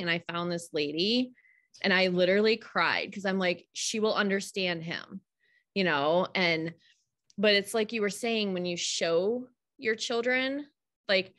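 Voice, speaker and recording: A woman's voice: mid-range voice, a bit bright. A woman guest, a homeschooling mother, talking things through at length in an earnest, open way during a casual live call.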